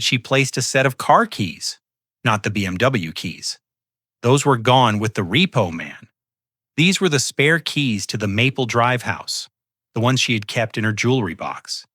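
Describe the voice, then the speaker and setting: An older man narrating a first-person story in a measured, solemn scripted manner. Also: medium pitch, bright, forceful tone, dry recording, studio quality.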